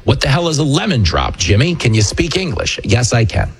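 A man with a New York accent hosting a political commentary show, talking in a mocking manner and acting out quotes in a shrill high voice. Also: very animated, a little fast, breathy edge. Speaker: show host.

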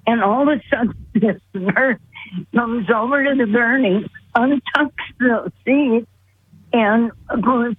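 A woman's voice: fairly high pitch, a little slow, slightly rough, dry recording. Woman telling a story over the phone. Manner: earnest, vivid retelling. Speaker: caller. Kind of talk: personal storytelling. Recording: tinny phone line with faint hiss.

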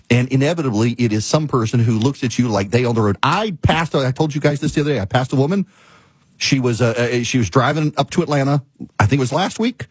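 A man's voice: breathy edge, dry recording. A man hosting a talk show, telling stories in a casual, ranting monologue. He sounds exasperated and emphatic, repeats points for effect, and breaks into laughter. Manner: laughs mid-sentence and bursts into high-pitched exclamations.

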